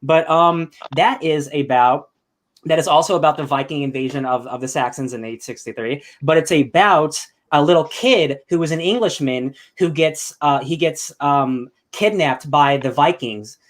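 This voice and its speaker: Excitable, rambling young man. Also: fairly high pitch, normal speed. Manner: excitable, rambling, with bursts of loud enthusiasm. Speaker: podcast host. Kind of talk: casual chat.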